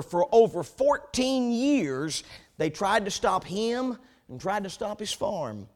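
A man preaching a sermon, telling a story with animated build-ups before turning to the scripture text. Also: high-pitched, slow. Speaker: pastor.

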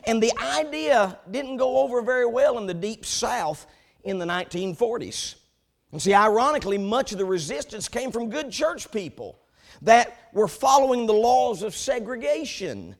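Animated high-voiced preacher. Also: male voice, normal speed. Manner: animated storytelling, building to emphasis. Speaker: pastor. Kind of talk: sermon.

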